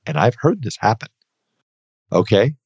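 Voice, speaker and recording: Low-voiced man giving earnest advice. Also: sing-song, measured pace, a little mellow, husky, no echo. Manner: earnest, emphatic, repeats points with okay. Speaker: podcast host, accountant. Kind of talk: advice podcast monologue. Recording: dry, slightly dull podcast audio.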